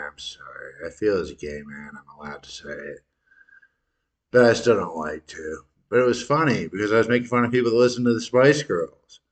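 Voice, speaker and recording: A man with a very low voice hosts his own show, introducing recorded clips with wry, crude asides. He rants jokingly, then takes the edge off his own words. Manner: wry, crude, self-correcting. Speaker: podcast host. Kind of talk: comic commentary between clips.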